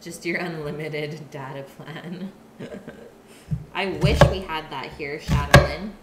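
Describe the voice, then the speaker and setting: Woman streamer cooking at home, slow and chatty; echoey kitchen, loud pot clatter. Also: deep voice, steady tone, heavy background noise. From Canada. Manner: chatty, reads and answers viewer chat while cooking. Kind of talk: live-stream cooking chat. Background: clattering pots, pans and dishes.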